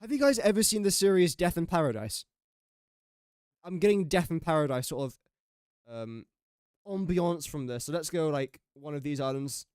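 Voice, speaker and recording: A man's voice: on the high side, lively intonation, moderate pace, darkish tone, clear, resonant tone, dry recording, studio quality. A young man streaming a game, chatting casually and joking about his own guesses as he thinks aloud. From England. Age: young adult. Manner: chatty, jokey and self-mocking, thinking aloud. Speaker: gaming streamer. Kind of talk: casual live-stream commentary.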